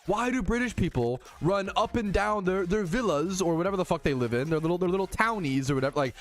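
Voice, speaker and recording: A young American man ranting casually and profanely to his stream chat, heated and animated. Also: high-pitched, quick pace, hardly any pauses. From United States.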